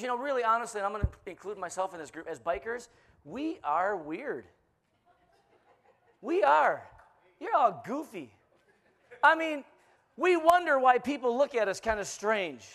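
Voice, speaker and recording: With a very high voice, a slightly slow delivery and long pauses, a guest pastor in his fifties preaches a joke-laden sermon. Playful and animated, he teases the audience as he spins his stories.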